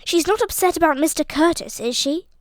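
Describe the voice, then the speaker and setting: A woman reading an audiobook voices a brash, scornful young upper-class man who blusters and mocks loudly. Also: high-pitched, fairly quick, no room sound, studio quality, voice pushed up, close to an everyday voice. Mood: blustering. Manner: loud, blustering and mocking.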